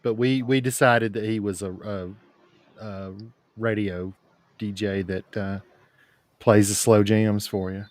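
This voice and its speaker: A man's voice: fairly low pitch, fairly even intonation, unhurried, darkish tone, no room sound. A man hosting a casual livestream, bantering with dry jokes and rambling asides. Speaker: livestream host. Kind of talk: casual chat.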